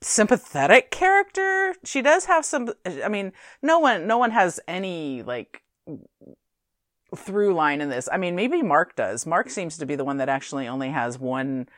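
A woman's voice: fairly low pitch, big pitch swings, moderate pace, dry recording, clean studio sound. A woman chatting casually about a movie, thoughtful and hedging with "I mean".

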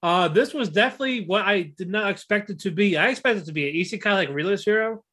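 A man's voice: high-pitched, quick pace, bright, forceful tone. A man co-hosting a casual anime podcast, swearing, laughing often and restarting his sentences. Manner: profane, laughing, rambling with restarts. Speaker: podcast co-host.

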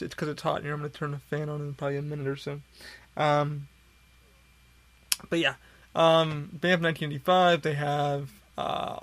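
A man rambles through a podcast from a hot room at home, his voice gravelly with vocal fry. It sits a bit higher than most men's. He talks loosely, swears freely and sounds worn out. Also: fairly bright tone, no echo. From upstate New York. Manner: profane, rambling, tired and yawning. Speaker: podcast host. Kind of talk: casual rambling monologue.

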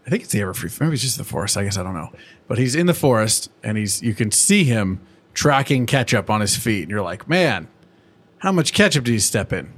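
A man's voice: lowish voice, big pitch swings, brisk, a bit bright. Brief: man in his 30s, podcast co-host, swears freely, acts out the quotes while recapping a show. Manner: profane, loose storytelling with acted-out quotes. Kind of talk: casual chat, recapping a cartoon episode.

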